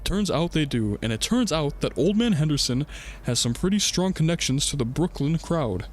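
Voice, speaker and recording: A man's voice: fairly high pitch, big pitch swings, moderate pace. A young man streaming a horror game, reading in-game notes aloud and joking casually into a desk mic. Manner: reads in-game notes aloud, jokey, laughs. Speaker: gaming streamer. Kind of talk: casual let's-play commentary.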